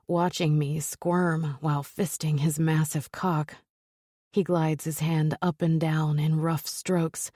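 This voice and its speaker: A woman narrating a first-person romance audiobook in an intimate, breathy storytelling manner. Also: low-pitched, mellow, no room sound, clean studio sound.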